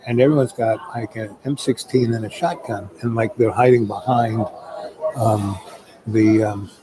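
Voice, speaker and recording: A man's voice: lowish voice, steady tone, unhurried, background noise. Rambling middle-aged man telling a story. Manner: rambling, full of "um" and "you know". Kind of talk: casual spoken anecdote. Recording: crowd chatter in the background.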